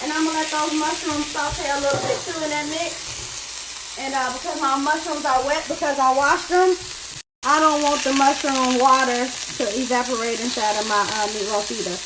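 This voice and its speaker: A woman's voice: sits high, fairly even intonation, normal speed, background noise. A woman hosting a home cooking video, chatty and explaining each step as she cooks in her kitchen. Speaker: cooking show host. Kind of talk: casual cooking demonstration.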